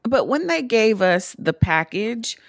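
A woman's voice: on the high side, very animated, takes it slowly, no echo. A woman co-hosting a podcast, chatting casually with wry remarks. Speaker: podcast co-host. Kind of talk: casual recap chat.

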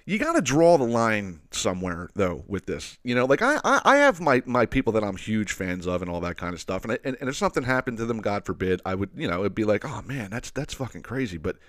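A man's voice: fairly low pitch, big pitch swings, a little fast, few pauses, fairly bright tone, no echo, clean studio sound. A man hosting a podcast, telling a long story in a rambling, heavily profane way, full of "like" and "you know" and voicing the people in it. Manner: acts out other people's lines in the story. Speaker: podcast host. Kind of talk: casual storytelling monologue.

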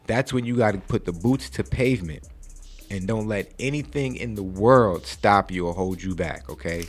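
A man's voice: lowish voice, moderate pace. A man in his forties hosting a podcast, giving a preachy motivational talk and often checking in with "okay?". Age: 40s. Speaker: podcast host. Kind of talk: casual podcast chat.

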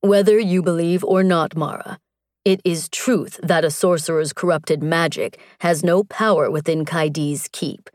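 A woman voicing an earnest, tender barbarian warrior man, speaking slowly and gently. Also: low-pitched, steady tone, dry recording, clean studio sound.

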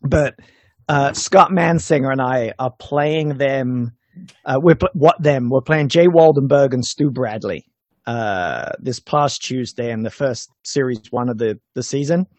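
A man's voice: medium pitch, measured pace, dry recording. A man co-hosting a podcast, telling a story in casual chat and laughing as he goes. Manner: animated, laughs while telling stories. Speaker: podcast co-host.

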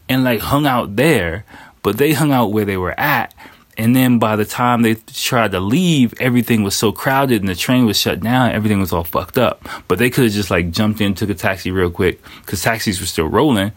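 A man with a very low, deep voice tells a story in a relaxed, rambling way. He swears freely, leans on fillers, and acts out quick asides as he goes. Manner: loose, profane, full of fillers and quoted asides. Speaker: storyteller recounting personal experience. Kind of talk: casual spoken monologue. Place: living in Japan.

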